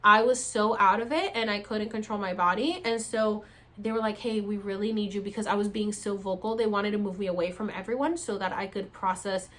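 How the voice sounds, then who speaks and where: A woman vlogger telling a story to camera in a casual, animated way, swearing freely and acting out her own reactions. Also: mid-range voice, a little fast.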